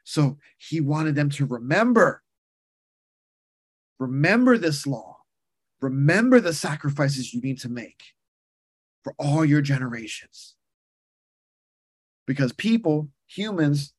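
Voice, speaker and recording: A man's voice: on the high side, animated, slow, pauses often, husky, dry recording, studio quality. A man preaching a sermon and leading a prayer, passionate, with rising and falling emphasis, speaking to his listeners as brothers and sisters.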